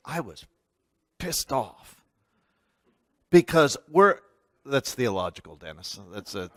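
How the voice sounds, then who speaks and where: A man teaching a church history class, telling a story in an animated, emphatic way with frequent restarts. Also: fairly high pitch, no room sound, studio quality. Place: church meeting room.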